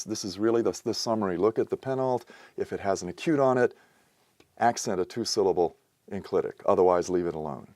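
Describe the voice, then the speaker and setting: Low-voiced man teaching, dry close sound. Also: darkish tone, no echo. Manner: methodical, patient, with occasional fillers. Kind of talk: explanatory lecture.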